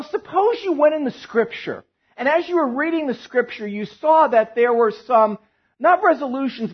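A man preaching a sermon as pastor, animated and joking, telling stories to his church. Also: sits high, breathy edge, muffled recording. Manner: animated, joking storyteller who drops to a hushed tone in prayer.

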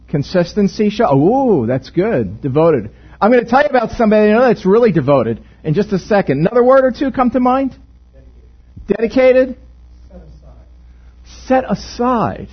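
Man, pastor, interactive sermon, husky voice, joking, dull church recording. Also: high-pitched. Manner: conversational, joking, asks the congregation questions. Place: church sanctuary.

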